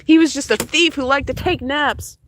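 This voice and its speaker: A woman's voice: high voice, a bit bright, a little hiss or hum. Rambling, joking young woman streamer. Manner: rambling, joking, quick to laugh. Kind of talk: casual chat while crafting on a livestream. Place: at home, moving furniture.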